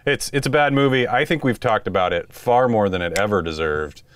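A man's voice: lowish voice, a little fast, slight background noise. A man co-hosting a podcast, chatting casually and rambling with frequent laughs. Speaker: podcast co-host. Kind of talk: casual chat.

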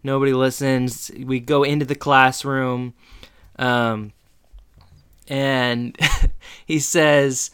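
A man walks through the plot in a loose, conversational recap. His voice is smooth and clear, at a middling pitch. He pops into high, animated voices whenever he quotes someone. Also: slow pace. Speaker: podcast co-host. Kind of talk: casual recap chat.

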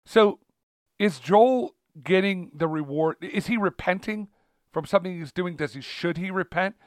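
A man co-hosts a casual conversation about faith, talking in loose, rambling runs full of fillers and restarts. His voice sits a bit high, and the close mic sounds dry with no room around it. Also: normal speed, dry recording. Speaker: podcast co-host.

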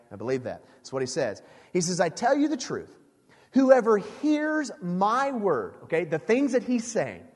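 A man with a fairly high, lively voice preaches a sermon, pressing his point with repeated questions to the congregation. He restarts and doubles his phrases as he goes, and his words ring out with a long reverb in a church hall.

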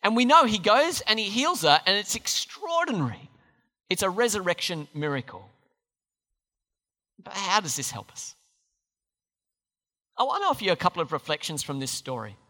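Animated preacher in an echoing hall. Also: medium pitch, normal speed, pauses often. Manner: emphatic, asks the listeners questions. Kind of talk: sermon. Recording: long hall reverb.

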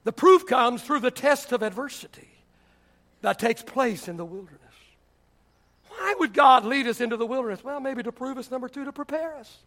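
A man's voice: extremely high pitch, normal speed. A man preaching a sermon as pastor, telling stories and acting out the people he quotes. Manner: animated storytelling preacher, acts out quotes.

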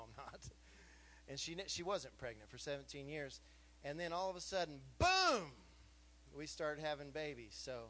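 A man in his fifties preaching with an animated, joking delivery and a fairly high voice. He keeps turning to the congregation with questions. A faint hum sits under the live church recording. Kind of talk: sermon.

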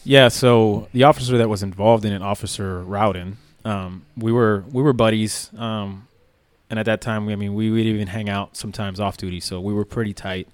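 A man's voice: on the low side, moderate pace, smooth, no room sound. A man, a former police officer, recounting a story casually with lots of fillers. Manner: relaxed, rambling with many fillers.

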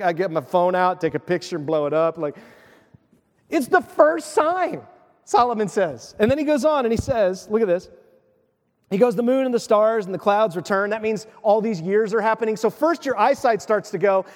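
A man delivers a sermon with animated, chatty energy, dropping into playful asides. His voice sits fairly high for a man. The long reverb of a large church hall trails after every phrase. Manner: animated, conversational preaching with playful acted asides. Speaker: pastor.

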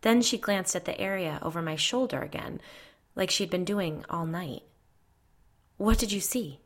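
A woman reading a first-person ghost story aloud in a measured storytelling voice. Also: on the low side. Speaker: narrator.

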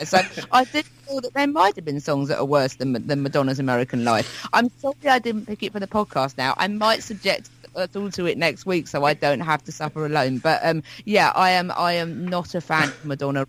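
A man's voice: fairly high pitch, lively intonation, brisk, hardly any pauses, fairly bright tone, low-quality recording. A man co-hosting a podcast, telling a wry story about music in a chatty way, with frequent restarts. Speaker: podcast co-host. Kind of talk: casual chat about music.

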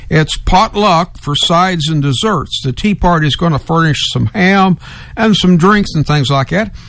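A male talk radio guest with a slightly high voice who delivers his opinions slowly and deliberately. He sounds sure of himself and a little preachy. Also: fairly bright tone, no echo.

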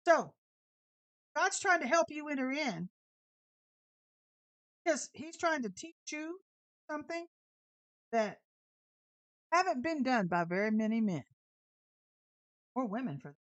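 A woman's voice: high-pitched, big pitch swings, measured pace, pauses often, a bit bright, dry recording. A woman preaching an informal sermon full of storytelling, talking in a brash, sassy and emphatic way.

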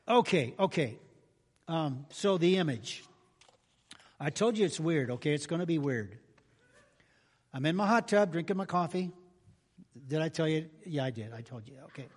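A man's voice: a little high, animated, measured pace, pauses often. A man pastor giving a sermon in a folksy, humorous, conversational way with sudden emphatic bursts. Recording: reverberant church hall.

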